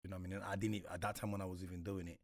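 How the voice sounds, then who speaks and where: Low-voiced man reminiscing. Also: level tone, rapid-fire, no room sound, clean studio sound. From Congo. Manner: reflective, slangy, repeats himself often. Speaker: guest. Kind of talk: casual interview talk.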